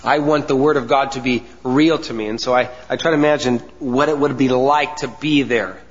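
A man preaching a sermon, with earnest emphasis, deliberate pauses and soft asides. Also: mid-range voice, fairly even intonation. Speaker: pastor. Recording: dull sound with long hall reverb.

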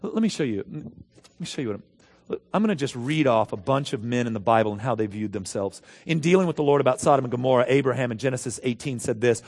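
A man's voice: medium pitch, lively intonation, quick pace, darkish tone. A man preaching a sermon as pastor, emphatic, asking rhetorical questions and reading scripture aloud. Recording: long hall reverb.

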